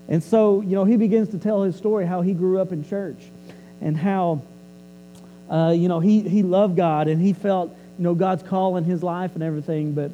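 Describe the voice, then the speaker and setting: A male preacher with a high but very mellow, warm voice. He tells his sermon like a story, chatty and loose. He often doubles back on his words as he goes. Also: fairly even intonation, moderate pace, big-room sound, lo-fi sound, a little hiss or hum. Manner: conversational, repeats and restarts words.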